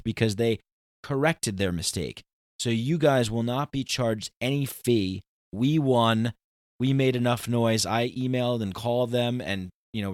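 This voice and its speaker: A man hosting his own podcast, talking through a solo intro in an animated, ranting, conversational way. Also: mid-range voice, clean tone, no echo, studio quality. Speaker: podcast host.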